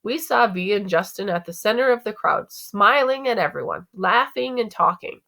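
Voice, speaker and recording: A woman teacher reading a novel aloud to students in an expressive, conversational way. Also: medium pitch, normal speed, gravelly.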